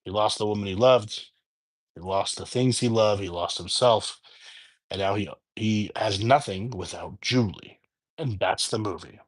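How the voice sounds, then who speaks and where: A man's voice: fairly low pitch, unhurried. A man hosting his own review channel, casually retelling a film's plot off the top of his head with frequent restarts and fillers. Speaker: movie reviewer. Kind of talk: casual spoken film review.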